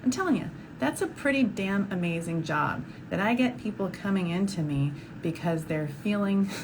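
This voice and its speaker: A woman's voice: medium pitch, animated, moderate pace. A woman doctor hosting a question-and-answer show, talking casually and effusively to camera, laughing often. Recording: audible background noise.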